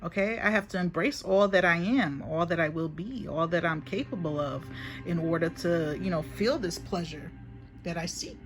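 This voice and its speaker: A woman's voice: on the low side, moderate pace, music in the background. Chatty woman giving a spiritual reading. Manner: chatty, repetitive, emphatic, often addresses viewers as honey. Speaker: spiritual reader. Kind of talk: casual spiritual reading to camera. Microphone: phone.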